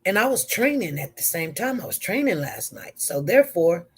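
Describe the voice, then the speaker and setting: A woman's voice: on the low side, sing-song, normal speed, slightly rough. A woman who works as a nurse, telling a work story to her viewers in a casual live stream. She rambles and repeats herself as she talks straight to them.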